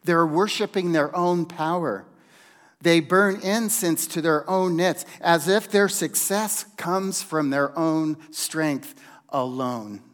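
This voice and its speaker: A man preaching a sermon at a slow, measured pace, leaning on long pauses and dropping to a hush for emphasis. His voice sits a little higher than most men's. The sound trails off into a long reverb, as in a large church hall.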